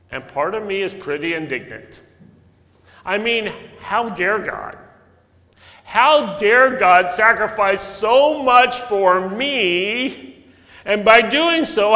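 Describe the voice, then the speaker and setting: A male pastor preaching a sermon, telling stories earnestly, with sudden loud emphasis and soft drops. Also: high voice. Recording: long echo of a large hall.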